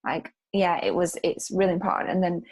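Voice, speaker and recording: A woman's voice: on the low side, a little fast, a little mellow, slightly rough. A woman hosting an interview, chatting casually and enthusiastically, often using "like". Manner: enthusiastic, agreeing, "like" fillers. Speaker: interview host. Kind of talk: casual conversation.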